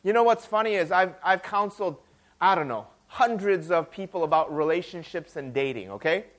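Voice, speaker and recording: Man, high-pitched, preaching, conversational, repeats words, tag questions. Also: animated, a little fast, a bit bright. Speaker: pastor. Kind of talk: sermon.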